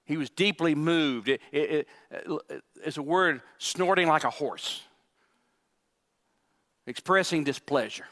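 Male pastor, sermon delivery, emphatic with asides; bright voice, reverberant hall. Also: fairly high pitch, slow pace. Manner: emphatic preaching with repetitions and asides.

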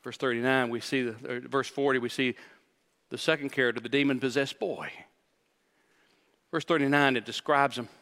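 A man's voice: medium pitch, fairly even intonation, moderate pace, pauses often, pushed and bright. A man preaching a sermon as pastor, emphatic and building intensity, repeating key phrases for weight. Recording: reverberant hall.

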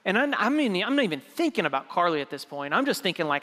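A young man preaching with a fairly high voice, telling a personal story to his congregation. He slips into the voices of the people he quotes, keeping it casual. His voice rings with long reverb from a large hall. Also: expressive, quick pace, hardly any pauses, bright, forceful tone. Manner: conversational, acts out quoted dialogue. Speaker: pastor. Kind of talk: storytelling sermon.

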